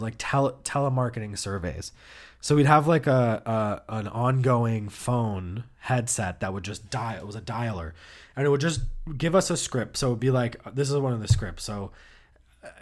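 A man from the United States hosting a podcast, telling casual stories with loud bursts, quick asides and swearing. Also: mid-range voice, lively intonation. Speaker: podcast host. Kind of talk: casual storytelling monologue.

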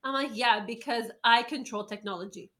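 A woman's voice: a little high, brisk, a bit bright. A woman telling a story in casual chat, rambling with lots of fillers and laughs. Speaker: storyteller guest.

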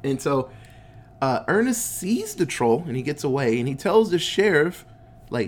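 A man's voice: a little high, sing-song, normal speed. Chill guy recapping a movie, swears constantly, voice bounces up and down a lot. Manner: laid-back, swears a lot, acts out quotes in goofy voices. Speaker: podcast host recapping a movie. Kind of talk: casual profane movie recap.

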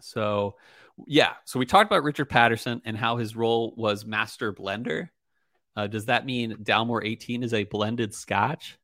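A man's voice: lowish voice, normal speed, bright, forceful tone, no room sound, studio quality. A young man hosting a casual podcast chat, rambling with lots of fillers and easy laughter. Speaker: podcast host.

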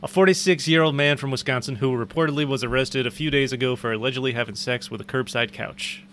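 Man, bright tone, casual podcast co-host, jokey, faint hum behind. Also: medium pitch, quick pace. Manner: joking, laughs often, stumbles over place names. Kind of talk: casual chat, reading news articles aloud.

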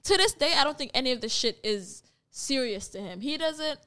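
A woman's voice: high voice, animated, moderate pace, bright, forceful tone. A young woman co-hosting a podcast, talking bluntly and emphatically in casual chat, swearing freely. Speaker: podcast co-host.

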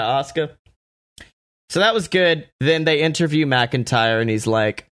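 Excitable, profane podcast host man. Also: a little high, normal speed. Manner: excitable, profane, lots of laughing and mock quotes. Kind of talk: casual wrestling podcast chat.

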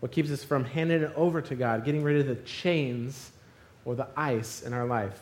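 A man preaching a sermon, telling a funny personal story and acting out the scenes with loud exclamations. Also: mid-range voice, moderate pace. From Arizona.

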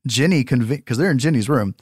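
A man's voice: mid-range voice, breathy edge, no echo, clean studio sound. A man hosting a podcast, recapping a movie in a casual, profane way and laughing often. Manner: profane, laughing, animated storytelling. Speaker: podcast host.

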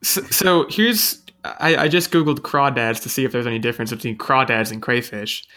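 Male podcast host, bright forceful tone, loose chatty delivery, self-deprecating humor. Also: medium pitch, normal speed. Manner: chatty, self-mocking, thinks aloud with restarts. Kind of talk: casual podcast chat.

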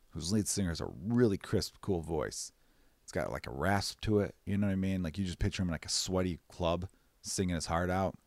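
A man hosting a podcast, rambling casually and profanely, short of breath and jumping into high mock voices. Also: no room sound. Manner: profane, rambling, animated bursts into high-pitched mimicry. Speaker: podcast host. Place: away from his usual recording space.

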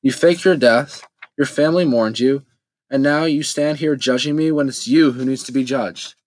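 A man voicing a defiant young woman who speaks in a cool, sharp, accusing way. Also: medium pitch, moderate pace, lightly acted. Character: defiant young woman confronting her mother. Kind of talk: audiobook character voice.

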